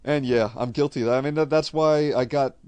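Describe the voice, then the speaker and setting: Man, New England accent, blunt, profane, rambling casual chat, mid pitch, dry close sound. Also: steady tone, brisk, a little mellow, smooth, no room sound. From Connecticut, USA. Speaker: streamer answering viewer questions.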